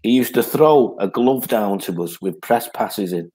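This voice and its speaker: A man's voice: fairly low pitch, measured pace, dark tone. A man, a guest who tells rambling anecdotes in casual chat and laughs as he tells them. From North West England.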